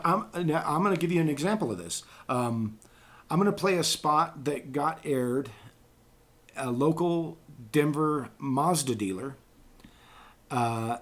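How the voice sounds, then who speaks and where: A man's voice: a little high, fairly bright tone. A man chatting as a voice actor guest on an interview show, telling rambling stories about his work. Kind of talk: casual interview chat.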